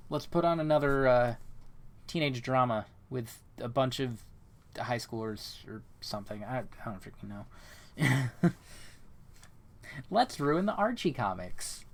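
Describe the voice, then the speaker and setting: Animated joking man playing a game. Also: mid-range voice, a little slow, pauses often. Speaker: streamer. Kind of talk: let's play commentary.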